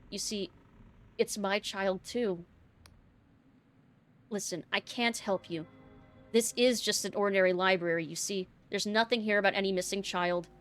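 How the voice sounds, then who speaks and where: A woman's voice: mid-range voice, lightly acted. A woman reading as a prim, cagey librarian. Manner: sweetly polite, calls people dearie. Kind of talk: reading game dialogue aloud.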